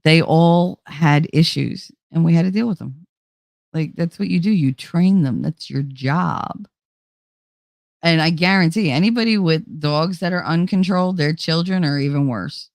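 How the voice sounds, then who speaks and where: A woman hosts a livestream, reading chat and talking straight to her viewers in a blunt, outspoken, casual way while swearing freely. Her low-pitched voice has vocal fry, a little mellow, at a measured pace, with no room sound.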